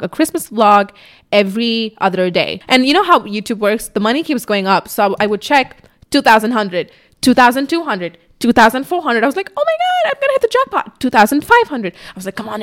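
A woman's voice: mid-range voice, fairly bright tone. A young woman hosting a casual podcast, telling her own story in a candid, chatty way, swearing freely and mimicking herself in quotes. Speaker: podcast host. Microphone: camera on a tripod in front of her.

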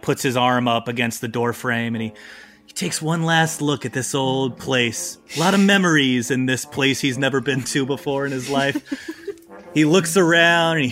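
A man's voice: medium pitch, a bit bright. A man narrating as game master of a tabletop role-playing game, loose and playful, often laughing.

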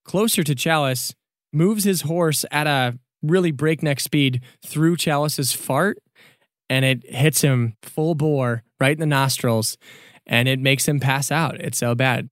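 A man's voice: mid-range voice, dry recording, clean studio sound. A man narrating a tabletop game as game master in a casual, upbeat way. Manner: casual and upbeat, with quick bursts.

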